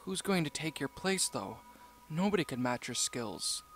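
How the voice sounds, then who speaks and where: A man's voice: fairly high pitch, normal speed, a bit bright, faint music behind. A man voicing a fierce, hot-tempered young woman fighter in a storybook reading, with an intense, clipped delivery. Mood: sad.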